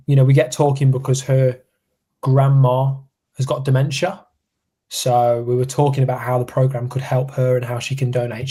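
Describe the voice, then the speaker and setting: A young man from England, co-hosting a podcast, telling stories in a casual, animated chat and acting out what people said. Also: mid-range voice. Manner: animated storyteller, acts out quotes. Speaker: podcast co-host.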